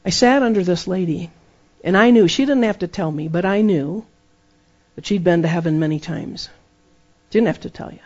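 A man's voice: high-pitched, normal speed, darkish tone. A man preaching a sermon, emphatic and repeating key phrases for effect. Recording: dull lo-fi sermon recording.

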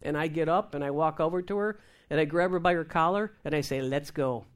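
Animated woman telling a ministry story. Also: sits low, fast talker. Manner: animated storytelling, acting out voices, laughing. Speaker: Christian minister. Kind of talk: testimony talk show conversation.

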